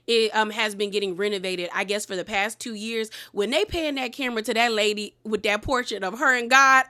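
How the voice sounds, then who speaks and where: A woman with a bright, forceful voice that sits a little high, recapping a TV episode in a loose, chatty way. She talks animatedly and laughs through her asides, sometimes dropping to a whisper for a candid remark. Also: moderate pace. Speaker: reality TV recap host. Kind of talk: casual TV episode review.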